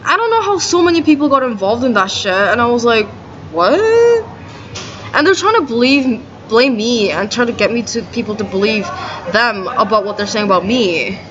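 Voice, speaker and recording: Woman vlogger, agitated, indignant monologue; higher voice, faint hiss on the recording. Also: a bit bright. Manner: agitated and indignant, many "like" fillers. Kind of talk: rambling monologue to camera. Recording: dull lo-fi audio with faint noise.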